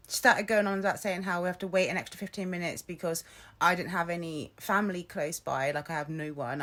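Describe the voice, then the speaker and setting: A young woman ranting casually to camera, chatty and quick to swear and laugh. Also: lowish voice. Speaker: vlogger. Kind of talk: casual vlog rant.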